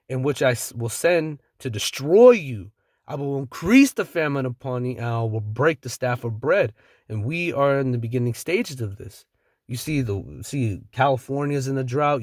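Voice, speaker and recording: A man's voice: mid-range voice, no echo, studio quality. A man preaching from scripture, reading verses aloud and then riffing on them in blunt, slangy street talk with the odd chuckle.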